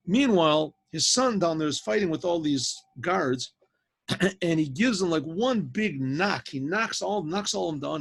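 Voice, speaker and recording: A man, a rabbi, telling a story to a class in a lively spoken way, often clearing his throat and restarting. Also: a little high. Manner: animated teller, frequent throat clearing and restarts. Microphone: video call.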